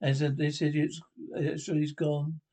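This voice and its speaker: An actor playing a chatty working-class bloke telling a rambling anecdote about a mate, in a sketch comedy show. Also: male voice, fairly high pitch, little pitch movement, takes it slowly, warm tone, breathy edge, heavily acted. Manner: rambling, casual, self-correcting storytelling.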